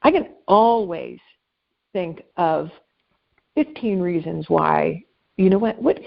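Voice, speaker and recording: Woman, life coach, gravelly voice, lo-fi audio, animated, self-deprecating. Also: lowish voice, slow pace, long pauses. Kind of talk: casual interview conversation.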